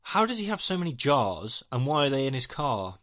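Joking man, bright voice. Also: mid-range voice, very animated, brisk. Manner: joking, rambling, self-mocking. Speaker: podcast co-host. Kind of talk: casual chat.

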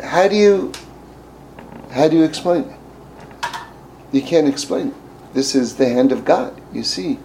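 A man teaching through a story, speaking haltingly with many restarts and fillers. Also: fairly high pitch, expressive, gravelly, mellow, slight background noise, low-quality recording. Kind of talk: storytelling lesson.

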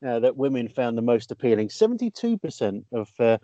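A man's voice: medium pitch, sing-song, fairly quick, warm tone, no echo, highs cut off. A male radio presenter running a playful chat, quizzing his co-hosts.

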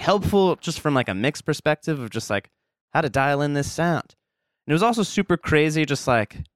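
A man's voice: mid-range voice, clear, resonant tone, dry recording, studio quality. A man being interviewed as a musician guest on a podcast, rambling casually with lots of "like" and easy laughs. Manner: rambling, heavy use of "like", laughs easily. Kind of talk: casual conversation.

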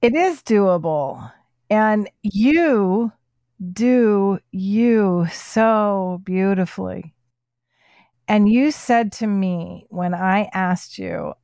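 A woman's voice: mid-range voice, drawn-out words, darkish tone, no echo, studio quality. A woman hosting a podcast, chatting with her co-host in an effusive, enthusiastic way. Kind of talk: casual podcast chat.

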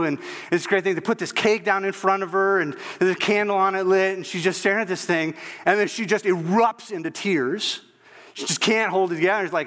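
A man preaching a sermon, telling a story and acting out its voices, dropping to a hush at the end. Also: high voice, brisk, long reverb tail.

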